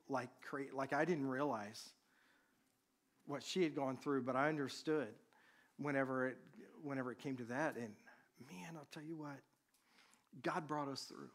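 A man preaching, a pastor telling a personal story to his congregation in a conversational, animated way. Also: medium pitch.

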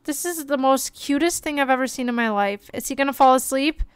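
A young woman streaming a life-simulation game, chatting excitedly and gushing over the characters as she plays. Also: high voice, fairly quick, dry recording, studio quality. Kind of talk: life-sim gameplay commentary.

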